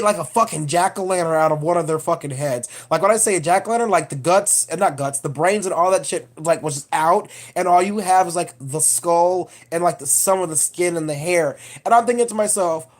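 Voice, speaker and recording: A woman's voice: lowish voice, brisk. A woman vlogger giving a casual, profane, digressive film review rant.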